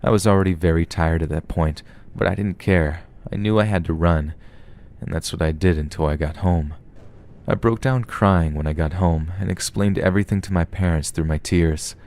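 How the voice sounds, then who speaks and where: Deep-voiced male horror narrator. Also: moderate pace, darkish tone. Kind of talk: scripted narration.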